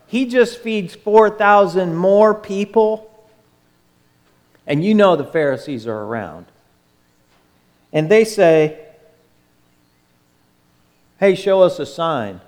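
Animated high-voiced man preaching in a reverberant hall. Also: takes it slowly, long pauses. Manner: animated storytelling, acting out quoted voices. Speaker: pastor. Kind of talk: sermon.

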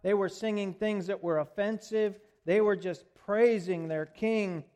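A man preaching a sermon, swinging from loud proclaiming to hushed, tender lines. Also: high-pitched, steady tone, a little slow. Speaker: pastor.

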